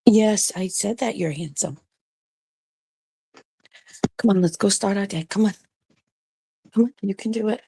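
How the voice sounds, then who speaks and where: A woman talking casually in a morning vlog, softly coaxing her pets along. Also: medium pitch, unhurried, pauses often, breathy edge, no echo. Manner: soft, coaxing talk to pets. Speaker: vlogger.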